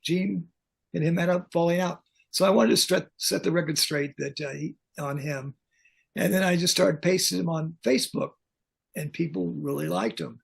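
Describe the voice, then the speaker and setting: A man's voice: on the high side, moderate pace, vocal fry, slightly rough. An older man, a veteran pyrotechnics technician, telling blunt, joking stories in an interview over a video call. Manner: blunt, joking, animated anecdotes. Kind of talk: casual storytelling interview.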